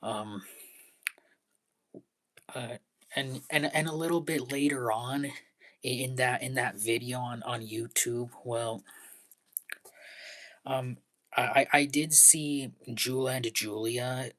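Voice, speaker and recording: Slow, stammering young man vlogging. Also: mid-range voice, steady tone, fairly bright tone. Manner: halting, stammers and repeats words often; earnest and pleading, drops to breathy half-whispers. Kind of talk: casual live vlog monologue.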